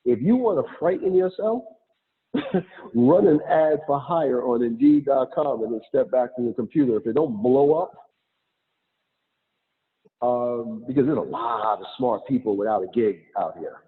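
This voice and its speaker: A man giving a lively motivational talk as a guest speaker on an online call, acting out quotes as he goes. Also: mid-range voice, unhurried. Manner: animated, acts out quotes, laughs. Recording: tinny phone-like call audio.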